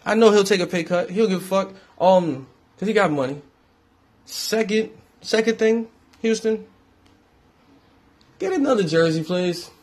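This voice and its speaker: A young man from New York rants casually and profanely, shifting between loud outbursts and low mutters. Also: expressive, unhurried, pauses often. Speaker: independent musician giving sports opinions. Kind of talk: casual ranting monologue.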